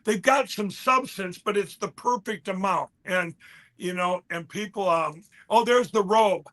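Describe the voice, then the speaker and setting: A man pitching his products in a casual chat, rambling with halting restarts and fillers. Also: fairly bright tone. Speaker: guest, company founder.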